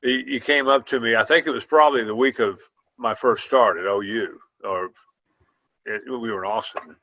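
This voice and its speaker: A man's voice: medium pitch, sharp tone. An older man, a former football player, telling long folksy anecdotes in casual chat over a video call. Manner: folksy, drawn-out anecdotes with quoted dialogue. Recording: dull lo-fi sound.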